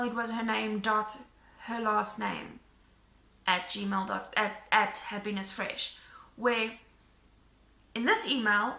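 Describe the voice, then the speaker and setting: High, bright-voiced woman telling a story. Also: echoey room. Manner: animated retelling, acting out quotes. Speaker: vlogger. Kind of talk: casual storytime vlog.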